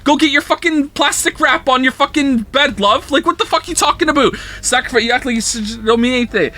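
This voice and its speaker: A man's voice: extremely high pitch, fairly quick, sharp tone. A man live-streaming a game, ranting at his chat in a casual, profane, incredulous way.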